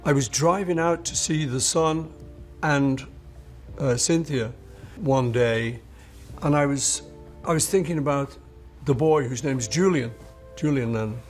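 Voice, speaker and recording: A man's voice: medium pitch, measured pace, long pauses, soft background music. An older man from England, telling anecdotes in an interview and acting out the voices of people he quotes. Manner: acts out quoted voices in his stories. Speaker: musician interviewee.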